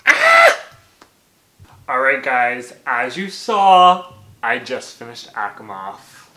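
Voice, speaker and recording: A man vlogging about a novel he is reading, excitable and profane, bursting into yells and laughter. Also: medium pitch, slow, echoey room. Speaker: book vlogger. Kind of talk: reading vlog reactions.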